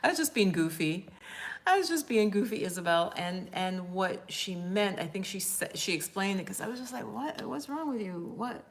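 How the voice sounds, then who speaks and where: A woman's voice: mid-range voice, expressive, normal speed. A woman life coach chatting candidly on a live stream, rambling as she answers viewer comments.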